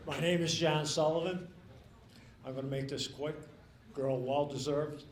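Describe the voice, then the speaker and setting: A man's voice: fairly high pitch, fairly even intonation, measured pace. A man giving a brief joking remark as a past grand marshal. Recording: echoey room with clear noise.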